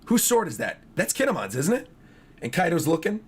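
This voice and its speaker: A man streaming a live reaction to a new manga chapter, his voice hoarse and worn, chatting excitedly to his viewers as he reads along and thinks aloud. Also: fairly high pitch, a little fast. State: hoarse from yelling the night before.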